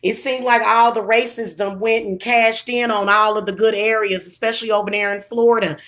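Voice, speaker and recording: A woman venting angrily in a profane vlog rant, with bursts of shouting. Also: mid-range voice, steady tone, moderate pace. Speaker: vlogger. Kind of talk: angry ranting vlog.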